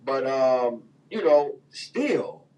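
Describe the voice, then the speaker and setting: A man's voice: mid-range voice, lively intonation, extremely slow, darkish tone, recorded from a distance, poor audio. A man hosting a radio talk show, ranting in loose, heated slang with lots of fillers. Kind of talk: casual opinion talk.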